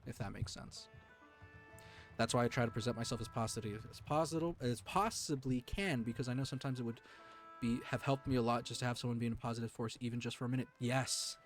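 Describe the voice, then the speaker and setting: Earnest, emotional male streamer. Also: medium pitch. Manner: earnest and emotional, with halting restarts. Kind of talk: heartfelt live-stream talk to chat.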